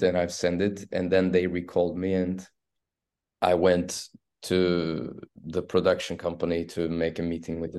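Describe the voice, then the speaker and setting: A man from Turkey with a Turkish accent, an actor telling stories in an interview, halting and restarting as he goes. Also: low-pitched. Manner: halting, restarts often, animated storytelling. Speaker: actor guest. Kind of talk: casual interview storytelling.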